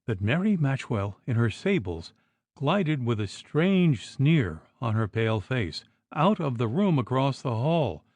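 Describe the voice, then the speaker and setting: A man narrating an audiobook in expressive, unhurried storytelling. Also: mid-range voice, no echo. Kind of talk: scripted narration.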